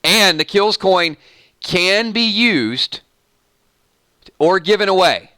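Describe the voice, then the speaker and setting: A man's voice: high-pitched, pushed and bright, dry recording. A man with a Southern US accent hosting a live stream, chatting casually and joking as he reads viewer comments aloud.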